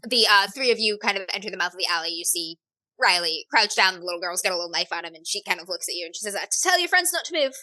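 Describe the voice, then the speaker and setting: A woman's voice: on the low side, fairly even intonation, racing, sharp tone, no room sound, poor audio. A woman narrating as game master in a tabletop game, rambling with fillers and self-corrections and laughing at herself.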